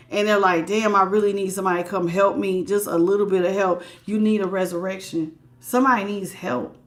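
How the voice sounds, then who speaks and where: A woman giving a live tarot reading, chatty and emphatic, greeting viewers by name and repeating words for stress. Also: medium pitch. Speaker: tarot reader.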